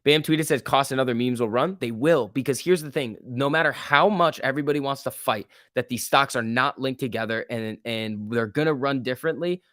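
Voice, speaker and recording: A man hosting a live stock market stream, talking casually and reacting to viewers in chat with slangy, animated commentary. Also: mid-range voice, brisk, few pauses, no room sound, clean studio sound. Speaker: stock market livestream host.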